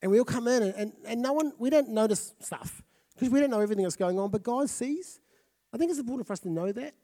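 A pastor who grew up in Fiji, giving a lively, conversational sermon and often checking in with listeners. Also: male voice, very high-pitched, quick pace. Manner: lively, conversational, often asks the crowd "right?".

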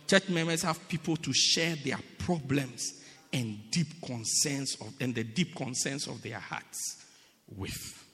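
A man preaching a sermon to a congregation in an animated, playful, teasing way, heard with long reverb in a church hall. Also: fairly high pitch.

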